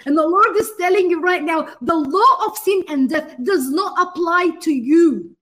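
Woman, high voice, guest minister, emphatic, preaching tone, talks to the host. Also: normal speed, fairly bright tone. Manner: fervent and emphatic, addresses the host directly. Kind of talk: interview answer in a preaching manner.

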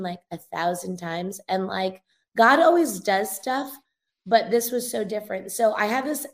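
A young woman guest with a gravelly, slightly fried texture, her pitch sitting in an ordinary middle range. She talks through an earnest, emotional testimony in a loose conversational way, as a revivalist minister being interviewed.

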